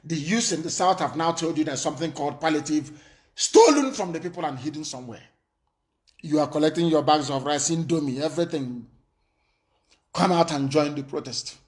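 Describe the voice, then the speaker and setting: A man's voice: a little high, animated, fairly quick. A man giving an impassioned, defiant political broadcast full of warnings and threats.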